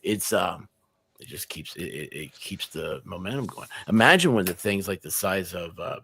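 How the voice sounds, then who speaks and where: A man's voice: low-pitched, lively intonation, moderate pace, creaky, a bit bright, husky. A man co-hosting a casual livestream, rambling through anecdotes and acting out quoted lines while laughing mid-sentence. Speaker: livestream co-host. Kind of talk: casual storytelling chat.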